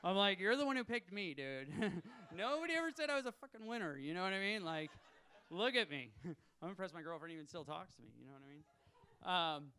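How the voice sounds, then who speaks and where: Young guy, stand-up comic; self-deprecating, nervous delivery, gravelly voice, smooth, ringing tone. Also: high-pitched, animated, a little fast, bright, forceful tone. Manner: self-deprecating, nervous, chuckling at his own jokes. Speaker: stand-up comedian. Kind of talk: stand-up set. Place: comedy club stage.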